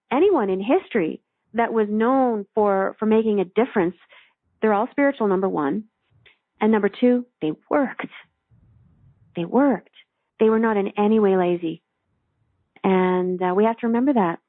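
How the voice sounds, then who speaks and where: Here a woman spiritual teacher with a mid-range voice shares a story and then leads a guided meditation by phone. Her manner is earnest and calming, slowing when she guides, and the tinny line is dry with no room sound.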